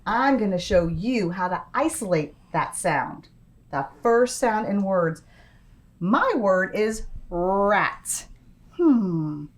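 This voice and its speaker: A young woman teaching a phonics lesson to small children, stretching out sounds in a slow, encouraging voice. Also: mid-range voice, big pitch swings. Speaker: preschool teacher.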